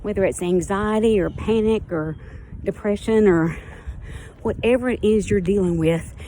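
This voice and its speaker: A woman's voice: medium pitch, normal speed, warm tone, slight background noise. A woman talking candidly and a little out of breath in an outdoor personal vlog. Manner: candid, rambling, heartfelt. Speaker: vlogger.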